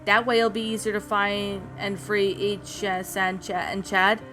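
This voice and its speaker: A woman's voice: medium pitch, level tone, measured pace, pushed and bright, soft background music. A woman voicing an anxious teenage boy agent with a put-on Japanese accent. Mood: worried.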